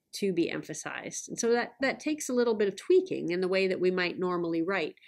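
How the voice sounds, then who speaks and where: A woman with a somewhat low voice talks through slides in a recorded lesson. She explains step by step in a measured, even-handed way, now and then correcting a word as she goes. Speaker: online course presenter. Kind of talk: recorded lecture over slides.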